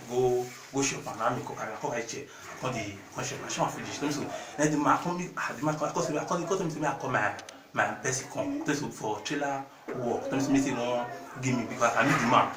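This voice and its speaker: A young man with a Nigerian Pidgin accent, telling his story in a street interview, rambling and repeating himself, often dropping to a mumble. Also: mid-range voice. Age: young adult. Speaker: interviewee recounting an ordeal. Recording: echoey, distant mic, loud crowd.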